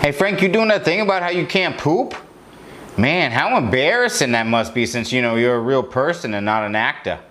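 A man playing a mocking male construction worker in a parody ad, crude and loud with a heavy Boston accent. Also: mid-range voice, lively intonation, moderate pace, soft background music, lightly acted. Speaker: parody comedian.

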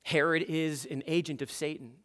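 A man preaching an expository sermon, emphatic and building to forceful peaks. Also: a little high, steady tone, normal speed. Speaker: pastor.

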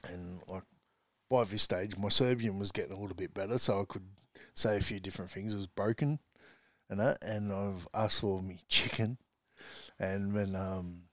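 A man's voice: deep voice, moderate pace, no room sound, clean studio sound. A man from Western Sydney with an Australian accent, a rugby league coach telling stories in a casual interview and calling everyone "mate". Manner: chatty, says "mate" constantly, animated storyteller.

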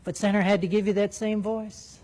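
A man, a former military jet pilot, telling a flying story in an animated way, acting out radio calls. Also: sits high, quick pace. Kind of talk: spoken storytelling.

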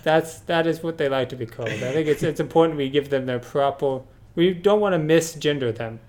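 A man co-hosting a comedy podcast, talking in a mock-earnest, deadpan ironic way. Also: fairly high pitch, brisk. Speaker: podcast co-host. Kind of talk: sarcastic comedy podcast banter.

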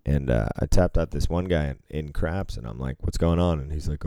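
Deep dark-voiced man telling a story. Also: fairly quick, few pauses, no echo. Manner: storytelling, acts out quotes, laughs often. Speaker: casino floor supervisor. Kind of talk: casual chat.

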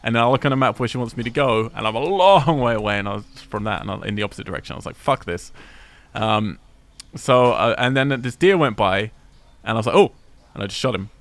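A man chatting casually about a video game, retelling moments with swearing and animated asides. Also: medium pitch, quick pace, dry recording.

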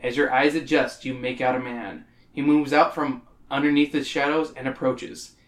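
A man reading a choose-your-own-adventure book aloud to friends, animated and tossing in joking asides. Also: mid-range voice, normal speed. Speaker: game reader. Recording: roomy echo.

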